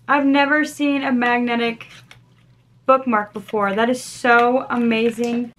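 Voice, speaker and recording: A young woman chatting casually as she unboxes gifts, gushing and excitable. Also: a little high, measured pace, a little hiss or hum. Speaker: book vlogger.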